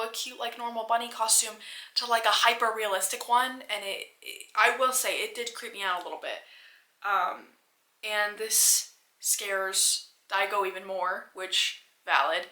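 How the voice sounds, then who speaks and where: Bright, animated young woman reviewing a movie. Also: medium pitch, roomy sound, poor audio. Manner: animated, swears a lot, many fillers. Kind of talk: casual movie recap.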